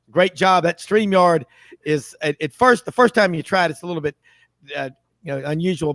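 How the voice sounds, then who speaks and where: A man's voice: fairly high pitch, dry recording. A man hosting a sports talk radio show, chatty and rambling, laughing often.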